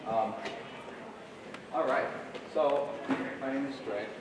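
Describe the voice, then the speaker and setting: A slow-paced, mid-range male voice belongs to a guest jazz clinician in his forties who amiably instructs a middle school jazz band, vocalizing rhythms in scat. The rehearsal is heard from afar in an echoey room over a noisy background.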